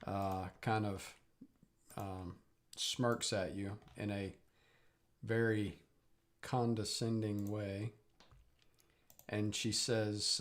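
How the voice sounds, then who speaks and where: A man's voice: on the low side, level tone, very slow, pauses often. A man narrating as game master of a tabletop game, hesitant, with many fillers.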